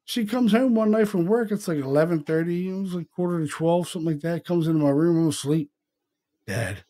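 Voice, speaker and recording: A man's voice: sits high, quick pace, mellow. A middle-aged man hosting a podcast, telling a story in a rambling, casual way, swearing freely and calling his listener "man" and "dude.". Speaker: podcast host.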